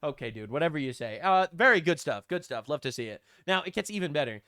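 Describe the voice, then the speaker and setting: A man's voice: fairly high pitch, expressive, quick pace, hardly any pauses, sharp tone, clean tone, no room sound, clean studio sound. A man doing reaction commentary, sarcastic and mocking, often laughing at what he reads. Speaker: online political commentator.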